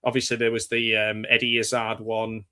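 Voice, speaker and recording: An English man talks film in a loose, meandering way, circling back on himself and joking at his own expense. His voice is bright and forward. It's a relaxed, casual podcast chat. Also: lowish voice, smooth. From England. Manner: rambling, self-deprecating, quick jokes. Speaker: podcast co-host.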